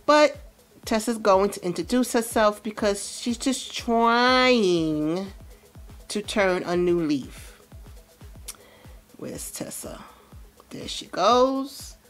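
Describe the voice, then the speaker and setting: A woman's voice: mid-range voice, lively intonation, takes it slowly, long pauses, soft background music. A woman giving casual let's-play commentary, chatting about what her game characters feel. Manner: chatty, narrates characters' feelings. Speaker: gameplay commentator.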